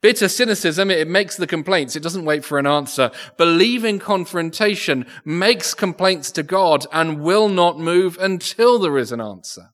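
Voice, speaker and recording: A man's voice: fairly high pitch, expressive, moderate pace, hardly any pauses, fairly bright tone. A man preaching a sermon in a church, earnest, often repeating words as he thinks aloud. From England. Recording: echoey church with long reverb.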